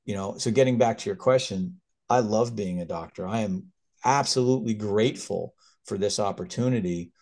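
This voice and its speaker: A man in his fifties, a physician and guest, telling stories in an animated, earnest way that turns emotional. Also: fairly low pitch, normal speed. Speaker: critical care physician, guest. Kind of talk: conversational storytelling.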